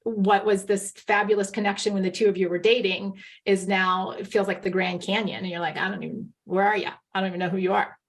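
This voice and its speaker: A woman's voice: medium pitch, level tone, fast, few pauses. A woman who coaches couples, a guest on an interview, explaining earnestly and acting out quoted lines. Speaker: marriage coach, podcast guest. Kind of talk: casual interview chat.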